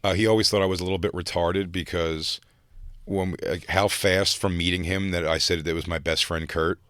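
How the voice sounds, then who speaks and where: A man hosting a podcast in casual comedic chat, rambling and animated, with plenty of fillers. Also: low voice, fairly quick, clean tone, no room sound, clean studio sound. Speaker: podcast host.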